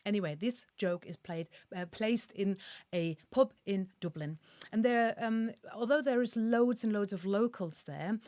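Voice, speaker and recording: A woman's voice: mid-range voice, measured pace, warm tone, no room sound. A German woman co-hosting a casual music stream, chatty and telling a joke with frequent laughs. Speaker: co-host. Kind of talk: casual live-stream chat.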